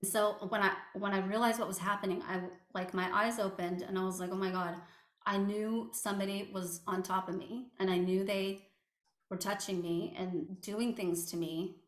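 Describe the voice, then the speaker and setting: A woman's voice: mid-range voice, fairly even intonation. Hesitant woman in an echoey room. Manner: halting, many fillers and restarts. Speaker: interview guest. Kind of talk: personal testimony.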